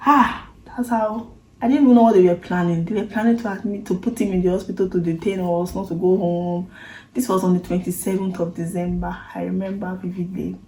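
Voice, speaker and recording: A Nigerian woman vlogging to camera tells her own story earnestly and emotionally, using Pidgin turns of phrase. Her voice is lowish, warm and mellow, with little pitch movement, and she talks fast. A noticeable echoey room sound runs through the recording.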